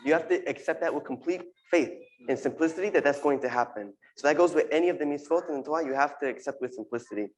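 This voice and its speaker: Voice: mid-range voice, fast, few pauses, poor audio. A speaker giving an earnest, informal sermon talk to a congregation, repeating phrases and using Hebrew terms. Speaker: congregation member giving a drash.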